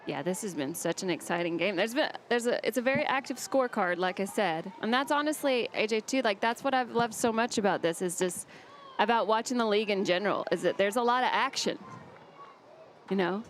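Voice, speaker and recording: A woman in her forties with a Southern US accent, chatting and joking as a guest in a baseball commentary booth, sarcastic and quick to laugh. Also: medium pitch, lively intonation, slight background noise. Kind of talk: casual chat in a commentary booth. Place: broadcast booth at a baseball stadium.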